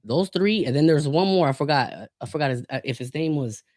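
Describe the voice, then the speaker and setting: Animated, profane man riffing on hip hop. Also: fairly high pitch, a little fast, dry recording, clean studio sound. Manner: animated, profane, jumps into mock rapper voices. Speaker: podcast host. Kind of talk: casual hip hop banter.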